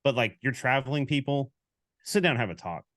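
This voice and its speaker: A man co-hosting a casual sports podcast, telling stories with lively quoted back-and-forth. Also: mid-range voice, fairly quick, no room sound, studio quality. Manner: animated storyteller, acts out quoted exchanges. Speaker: podcast co-host.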